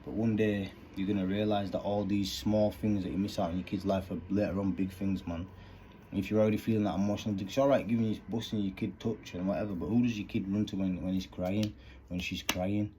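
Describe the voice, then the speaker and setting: Earnest man, thirties, deep mellow voice, faint background hiss, casual monologue. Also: fairly even intonation, a little fast. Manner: earnest, rambling, street slang. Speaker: vlogger. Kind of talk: candid monologue.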